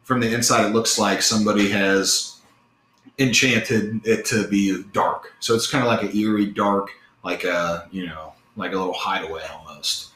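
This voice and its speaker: A man's voice: lowish voice, steady tone, normal speed, a bit bright, a little hiss or hum. A man narrating a tabletop game as game master, rambling with lots of fillers, in an echoey room.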